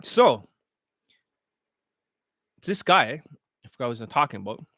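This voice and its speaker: A man's voice: mid-range voice, very animated, measured pace, sharp tone, no room sound. Guy dating coach ranting, swears a lot, brags, medium voice, dry close sound. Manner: blunt and profane, boastful. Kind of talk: casual livestream talk and sales pitch.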